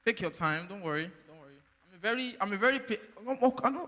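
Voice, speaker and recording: A man with a high, sharp-toned voice hosts a playful live quiz at a workshop, talking quickly with hardly any pauses. He teases the teams and laughs frequently, and the event hall gives a long reverb.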